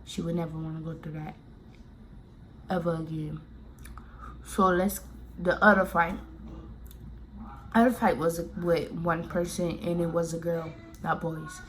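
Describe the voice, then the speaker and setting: A woman's voice: lowish voice, flat delivery, unhurried, long pauses, slight background noise. A woman from Miami telling a personal story in a casual, rambling way, full of fillers and restarts. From Miami, Florida.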